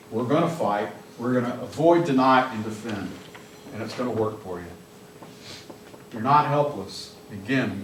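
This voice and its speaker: A man giving a live police training talk to an office audience, blunt and joking, shouting commands when he acts them out. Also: mid-range voice, a little hiss or hum. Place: office meeting room with audience. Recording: echoey room, mic from a distance.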